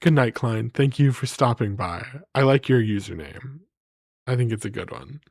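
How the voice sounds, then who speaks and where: A man's voice: mid-range voice, moderate pace, vocal fry, darkish tone, dry recording, clean studio sound. A man streaming live, rambling playfully to his chat as he reads place names aloud.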